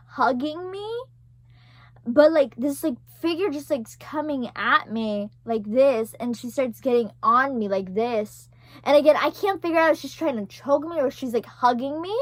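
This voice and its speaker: A woman's voice: high voice, normal speed, no echo. A young woman telling a story to her viewers in a loose, rambling way, packing in "like" and "right?" and swearing now and then. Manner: rambling, heavy use of "like" and "right?"; swears casually. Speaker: vlogger. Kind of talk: casual storytelling to camera.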